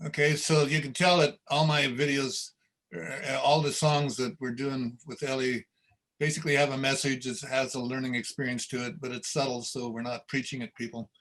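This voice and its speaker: A man's voice: medium pitch, level tone, normal speed, a bit bright, rough recording. A man hosting a casual livestream show, easygoing and full of fillers. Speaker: show host.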